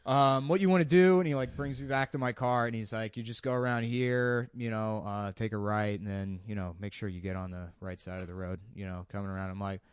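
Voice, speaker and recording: A man co-hosting a podcast, telling stories in a laid-back way and quoting people in a flat mumble. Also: fairly low pitch, brisk, hardly any pauses, clear, resonant tone, no echo. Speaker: podcast co-host. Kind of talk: casual podcast banter, storytelling.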